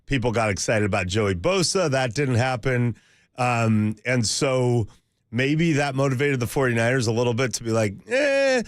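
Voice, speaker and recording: A man's voice: medium pitch, normal speed, no echo, clean studio sound. A man co-hosting a sports talk radio show, rambling through stories and opinions.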